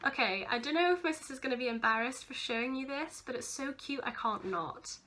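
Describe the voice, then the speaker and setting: Bright-voiced young woman, gushing. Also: high voice, expressive, a little fast, few pauses, a little hiss or hum. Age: young adult. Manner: gushing, giggly, sentimental. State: teary-eyed. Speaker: vlogger. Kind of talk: casual vlog chat.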